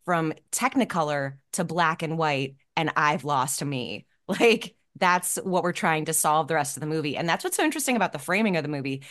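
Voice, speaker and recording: A woman co-hosting a casual film talk, animated and breaking into laughs between thoughts. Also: deep voice, brisk, hardly any pauses. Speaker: podcast co-host.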